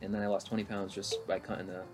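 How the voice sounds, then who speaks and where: A young man with a lowish voice rambles through casual podcast chat with friends, swearing freely. Faint music plays softly behind him. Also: flat delivery, fast. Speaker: podcast co-host.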